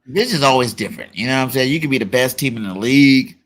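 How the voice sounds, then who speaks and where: A man hosting a casual sports talk show, relaxed and full of "you know" fillers. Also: mid-range voice, quick pace. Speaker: podcast host.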